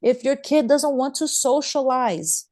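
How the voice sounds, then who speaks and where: Earnest woman guest, a mother, pressing the point again and again, slightly high pitch. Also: animated, measured pace, darkish tone. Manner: emphatic, urgent, repeats points. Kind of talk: interview conversation.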